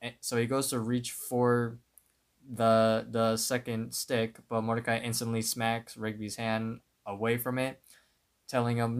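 Podcast co-host, male, drawn-out unhurried recap, average pitch. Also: level tone. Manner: unhurried storytelling with fillers. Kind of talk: casual episode recap.

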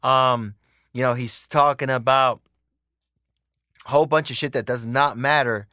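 A man's voice: mid-range voice, fairly even intonation, a little slow, pushed and bright, no echo, studio quality. A young man hosting a podcast, ranting casually and heatedly with lots of profanity and repetition. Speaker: podcast host. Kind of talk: casual political rant.

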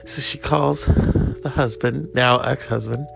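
A host telling a gossipy personal story in casual chat, animated and quoting people. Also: medium pitch, slow pace, vocal fry, faint music behind. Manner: animated, gossipy, acts out quotes.

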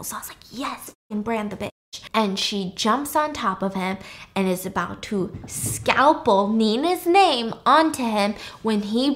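A woman hosting a podcast, casually retelling a movie plot, acting out the characters and swearing freely. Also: medium pitch. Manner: animated, acts out characters with quoted voices, swears freely. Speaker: podcast host.

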